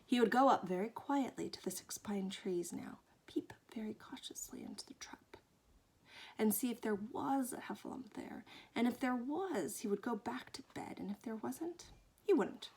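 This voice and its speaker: Woman reading a kids story out loud, husky airy voice, swoops up and down a lot, goes all whispery sometimes. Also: on the high side, normal speed. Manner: expressive, dips into hushed whispers, fond. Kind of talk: reading a children's book aloud.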